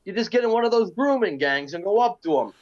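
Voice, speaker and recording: A man's voice: sits high, lively intonation, quick pace, a little mellow, highs cut off, slight background noise, voice pushed up. A man putting on an exaggerated, mocking British accent as a cheeky jokey bloke. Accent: put-on British.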